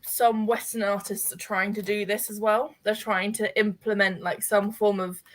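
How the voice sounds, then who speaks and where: A woman chatting casually with friends, talking fast and loose with lots of filler words. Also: medium pitch, level tone. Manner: chatty, peppers talk with "like". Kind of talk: casual chat among friends.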